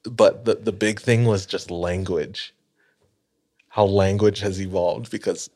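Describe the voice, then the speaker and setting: A man in his early thirties from Hawaii, co-hosting a podcast and telling a story in a relaxed, rambling way. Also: on the low side, slow. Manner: laid-back storytelling with fillers. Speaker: podcast co-host. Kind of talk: casual chat.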